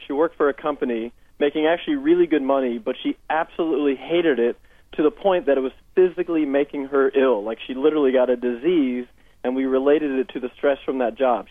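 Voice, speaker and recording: A man's voice: medium pitch, no room sound. A man with a Southern Californian accent, a life coach telling upbeat client stories as a guest on a radio interview by phone. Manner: upbeat storytelling, quotes clients in dialogue. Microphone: phone headset. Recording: dry tinny phone line.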